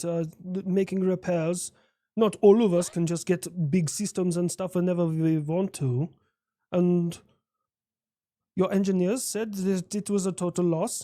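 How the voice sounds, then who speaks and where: Casting: a proud, know-it-all personified America for a cartoon skit; dry close recording. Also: male voice, high voice, dark tone, no echo. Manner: boastful, explains at length. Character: proud personified United States, male, lecturing. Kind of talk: comedic animated skit dialogue.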